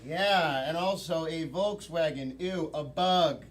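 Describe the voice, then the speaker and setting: A man performing live improv comedy, tossing out quick deadpan lines and rhymes. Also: on the high side, noisy background.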